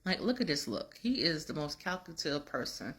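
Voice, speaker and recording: A woman's voice: low voice, sing-song, fairly quick. A woman recapping a drama episode in a chatty, slangy, casual way.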